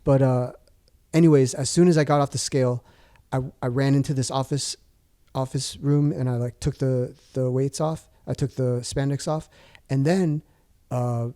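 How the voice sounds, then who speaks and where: This is a man in his forties with a warm, mellow tone, chatting as a podcast guest. He tells his story loosely, full of fillers and restarts, at an even middle pitch. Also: moderate pace. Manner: rambling, many restarts and fillers. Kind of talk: casual storytelling chat.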